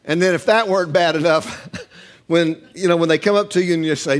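A middle-aged male pastor preaching a sermon, animated and acting out quoted voices with humor. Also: on the high side, a little fast.

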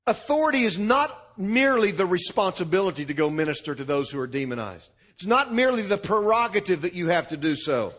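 A man's voice: high voice, expressive, a little fast, hardly any pauses, fairly bright tone. A male pastor preaching a sermon to a congregation with emphatic, punchy delivery and repeated lists.

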